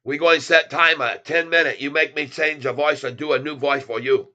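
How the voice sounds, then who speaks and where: A man hamming up a teasing character with a put-on foreign accent, talking in broken English with a bright, forceful edge. He jokes and lectures in short, clipped phrases. The audio is dull and lo-fi. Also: a little high, fairly even intonation, drawn-out words, heavily acted. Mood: playful. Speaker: stock channel host.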